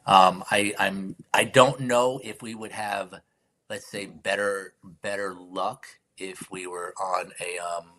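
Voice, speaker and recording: A man hosting a live stream, talking casually and reflectively about faith and life, sometimes slipping into soft whispered affirmations. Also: deep voice, steady tone, slow. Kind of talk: casual spiritual chat.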